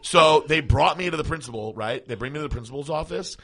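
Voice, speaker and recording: A man co-hosting a podcast, telling a story in a casual, animated way, swearing and laughing often. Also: on the high side, fast. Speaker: podcast co-host.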